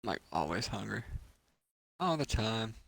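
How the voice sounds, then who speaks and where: A man's voice: fairly low pitch, sing-song, a little slow, vocal fry, a bit bright, no echo. A young man co-hosting a podcast, telling crude stories in casual chat and laughing often. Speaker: podcast co-host.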